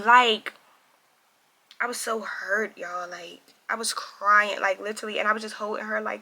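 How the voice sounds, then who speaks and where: A young woman telling a casual storytime to camera, animated and constantly addressing viewers as y'all. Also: mid-range voice, a little slow, creaky. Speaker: vlogger.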